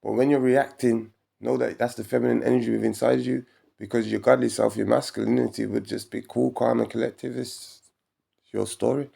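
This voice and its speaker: Gravelly man, rambling spiritual talk. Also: medium pitch, a little fast. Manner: animated, laughs often, preachy. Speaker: vlogger.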